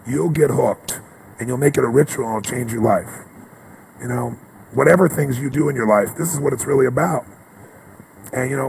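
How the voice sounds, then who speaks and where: Gravelly impassioned male motivational speaker. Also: mid-range voice, noisy background. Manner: impassioned, storytelling, swings from loud to hushed. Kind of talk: motivational speech.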